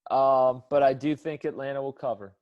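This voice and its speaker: A man's voice: mid-range voice, fairly even intonation, moderate pace, highs cut off. A man co-hosting a casual sports podcast, laid back as he reads out the upcoming games. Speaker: podcast co-host.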